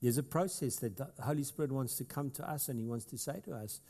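A South African pastor delivers a sermon to his congregation, speaking easily and conversationally before swelling into emphatic stretches. His mellow voice has an ordinary middle pitch and a quick pace, and a long hall reverb trails behind him.

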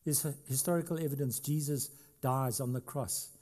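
At normal speed and medium pitch, with fairly even intonation, a middle-aged pastor preaches. His sermon moves between loud, emphatic stretches and quiet asides, with questions for the congregation and a bit of light humor.

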